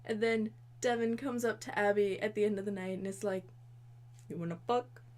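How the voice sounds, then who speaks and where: A woman's voice: mid-range voice, steady tone, brisk, darkish tone. A woman in her twenties giving a rambling, profane, exasperated comedic recap of a movie. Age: 20s. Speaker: comedy video host.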